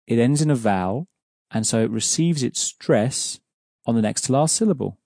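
A man teaching a language lesson, explaining pronunciation patiently and clearly. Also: medium pitch, expressive, normal speed, warm tone, no echo, studio quality. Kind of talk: explaining an audio course lesson.

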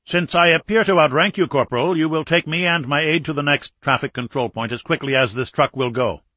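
A man's voice: on the high side, a little fast, pushed and bright, no room sound. A man doing a barking Soviet general. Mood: commanding. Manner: barking, raised commands.

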